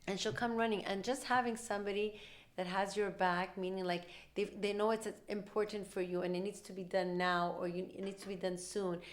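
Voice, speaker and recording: A woman hosting a podcast and telling stories in a relaxed, chatty way. She talks fast and lively and slips into other people's voices when she quotes them. Her voice sits at a middling pitch for a woman. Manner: rapid, animated talk, acting out quoted dialogue. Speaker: podcast host; mother. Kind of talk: casual conversational storytelling.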